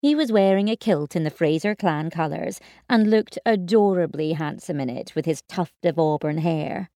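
A woman narrating a first-person story in an expressive, wry manner. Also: low voice, moderate pace, no room sound, clean studio sound. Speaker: audiobook narrator.

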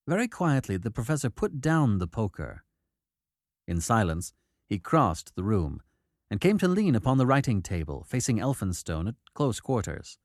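A male audiobook narrator with a lively, rising-and-falling delivery that keeps the story moving. He does the characters' voices himself, recorded close and dry with no room sound. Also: fairly low pitch, normal speed, dry recording. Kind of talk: audiobook narration of a period novel.

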